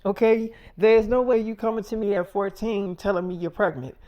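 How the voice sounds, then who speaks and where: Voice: mid-range voice, fairly even intonation, normal speed, muffled recording, lightly acted. A storyteller voicing a strict, blunt middle-aged mother who scolds and lectures her teenage daughter. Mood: scolding.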